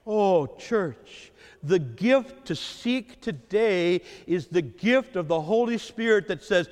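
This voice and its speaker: Male pastor, sermon, high lively voice, long church reverb. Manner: preaching with dramatic pauses and emphatic repetition.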